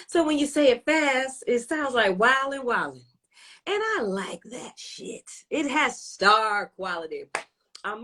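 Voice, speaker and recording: A woman hosting a casual live stream, playfully hyping up and shouting out her viewers. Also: mid-range voice. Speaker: show host.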